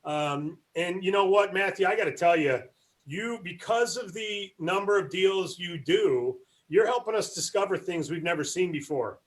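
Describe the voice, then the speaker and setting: High-voiced man leading a training call. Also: moderate pace. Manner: encouraging, praising teammates. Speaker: sales team leader running a training call.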